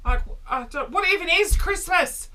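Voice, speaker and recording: A man in his thirties delivering a comedic vlog monologue, animated and exaggerated, with sudden loud exclamations. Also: extremely high pitch, moderate pace. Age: 30s. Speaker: vlogger.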